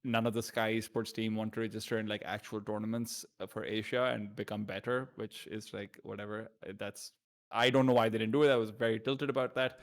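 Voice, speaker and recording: A man's voice: fairly low pitch, flat delivery, a little fast, few pauses. A man from Pakistan with a Pakistani accent, a guest chatting on a podcast, rambling through fillers and restarts. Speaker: esports commentator guest. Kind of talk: casual podcast chat.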